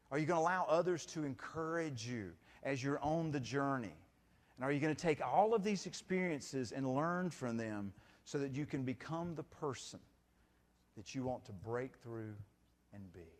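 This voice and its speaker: A middle-aged man tells a motivational story from a convention stage, acting out every quote. His voice sits high and swings widely in pitch. The big hall adds a long reverb. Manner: animated storytelling with acted-out quotes. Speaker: keynote speaker. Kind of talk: motivational keynote speech.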